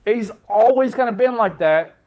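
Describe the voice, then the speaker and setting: A man chatting casually at a game table, telling a profane, animated story. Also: high-pitched, normal speed, muffled recording. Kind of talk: casual chat.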